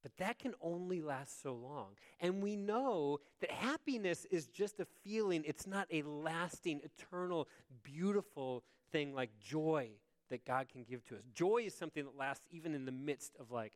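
A man's voice: on the high side, expressive, normal speed, few pauses. A man preaching a sermon in a conversational way, often checking in with his listeners. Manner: conversational, asks the congregation "right?". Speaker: pastor.

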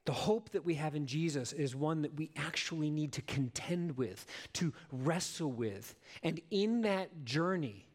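Earnest man preaching a sermon. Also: on the high side. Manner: earnest, emphatic, with rhetorical questions to the congregation. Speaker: pastor.

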